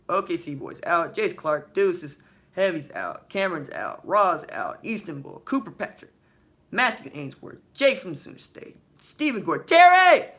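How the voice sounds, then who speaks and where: Guy hosting a live stream, bright voice, slangy and animated, reads the chat out and fires back questions. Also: a little high. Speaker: podcast host.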